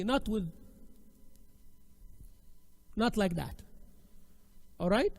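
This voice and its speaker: A man's voice: high-pitched, animated, slow pace, long pauses, darkish tone. A male teacher lecturing a women's class, emphatic and exhorting, often repeating his key phrases. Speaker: Islamic studies teacher.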